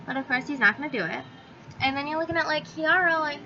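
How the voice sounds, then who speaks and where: Bright-voiced chatty young woman vlogger. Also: high-pitched, fast. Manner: chatty, filler-heavy, swears freely. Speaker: book reviewer. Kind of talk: casual book review vlog. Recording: slightly dull audio with faint hiss.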